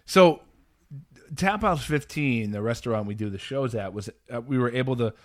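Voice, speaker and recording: A man's voice: mid-range voice, expressive, normal speed, dry recording, clean studio sound. A man hosting a podcast, rambling through a story with frequent laughs and fillers. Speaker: podcast host. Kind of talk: casual chat.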